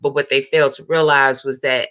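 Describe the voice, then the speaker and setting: A woman of about fifty chatting late at night, telling a long story time in an animated, rambling way with lots of fillers. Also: extremely low pitch, brisk, lo-fi sound. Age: 50s. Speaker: vlogger.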